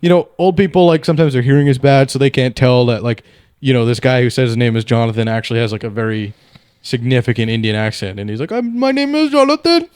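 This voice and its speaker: A man's voice: mid-range voice, steady tone, fast talker, darkish tone, clear, resonant tone, no room sound. A young man co-hosting a podcast, chatting casually and telling stories in a loose, profane, rambling way. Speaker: podcast co-host.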